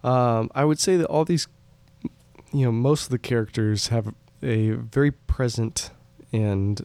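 A man's voice: mid-range voice, unhurried, vocal fry, a little mellow, smooth, dry recording. A young man casually discussing a film, easygoing and agreeable with frequent ums. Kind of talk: casual film review chat.

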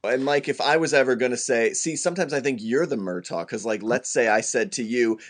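A man's voice: medium pitch, a little fast. A man co-hosting a podcast in casual chat, joking and rambling. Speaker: podcast co-host.

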